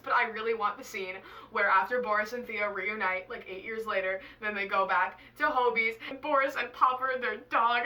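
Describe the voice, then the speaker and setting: A young woman talking casually to camera as a vlogger, chatty and excitable, with lots of "like"s and swearing. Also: fairly high pitch, recorded from a distance, rough recording. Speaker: author and book vlogger.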